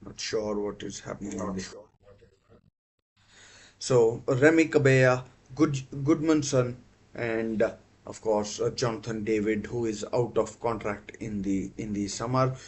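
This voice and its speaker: A man hosting a live football watchalong stream, talking casually with many fillers and self-corrections. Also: medium pitch.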